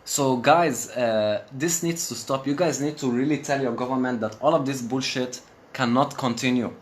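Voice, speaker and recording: A man's voice: mid-range voice, moderate pace. A man from Syria on a live stream, speaking with passion, swearing and repeating phrases for emphasis. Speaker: livestream host. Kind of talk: emotional live stream rant.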